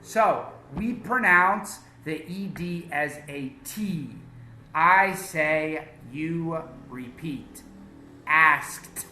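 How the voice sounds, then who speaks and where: Male english teacher, slow deliberate drills, bright voice, echoey room. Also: a little high, slight background noise. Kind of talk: English pronunciation lesson.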